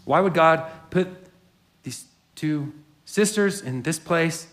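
Man preaching with a slightly high voice. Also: slow, a bit bright. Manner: reflective storytelling. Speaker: pastor. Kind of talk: sermon with story reading.

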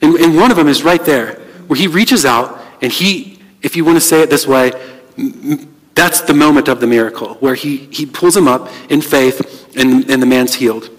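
A man's voice: medium pitch, normal speed, big-room sound, rough recording. A man preaching a conversational sermon as pastor, talking through a Bible passage with frequent restarts and fillers.

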